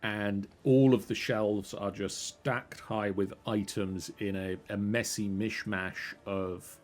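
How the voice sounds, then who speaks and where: A man's voice: fairly low pitch, fairly even intonation, takes it slowly, faint music behind. A man narrating a tabletop game as game master, describing scenes in a rambling way with fillers.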